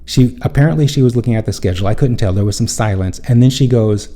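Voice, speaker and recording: A man's voice: medium pitch, quick pace, hardly any pauses, warm tone. A man hosting a spiritual self-help show, telling a personal story in an earnest, rambling way and often correcting himself mid-sentence.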